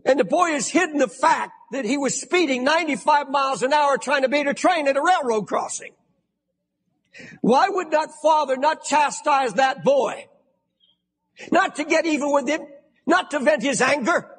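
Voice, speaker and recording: An older American man preaching a sermon as pastor, emphatic and shouting for stress. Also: very high-pitched, normal speed, pauses often. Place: large church sanctuary. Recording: long hall reverb.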